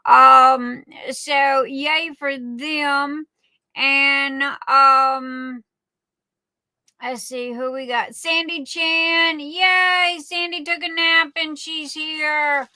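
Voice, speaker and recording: This woman's voice sits high, with fairly even intonation and drawn-out words, recorded without echo. Hosting a livestream, she chats warmly, calls out viewers by name, and addresses them as darling.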